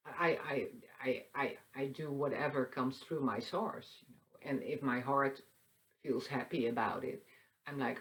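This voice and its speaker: A woman hosting a spiritual talk that moves into a guided meditation, speaking softly and meandering, with light laughs. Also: a bass voice, rough recording. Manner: soft, slow and meandering, with frequent fillers and light laughs. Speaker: spiritual channel host. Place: seated indoors.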